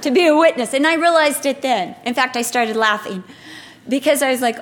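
A woman preaching a sermon, telling personal stories in a lively way, acting out what people said and laughing at herself. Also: a little high, brisk. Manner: lively storytelling, acts out quotes, laughs at herself.

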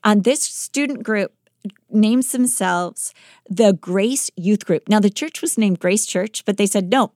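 Lady host telling a wild story, animated, dead dry mic. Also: mid-range voice, slow pace, no echo. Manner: lively, dramatic retelling with quoted voices.

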